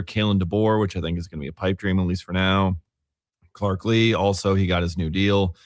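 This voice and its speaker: A man hosting sports talk radio in a studio, speaking casually with many fillers and halting restarts as he reads through a list. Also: on the low side, no room sound.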